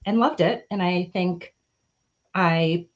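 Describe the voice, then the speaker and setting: A woman's voice: on the low side, slow pace, muffled recording. Bubbly woman chatting on a video call. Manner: bubbly, chatty, laughs often. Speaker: guest life coach. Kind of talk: casual livestream chat.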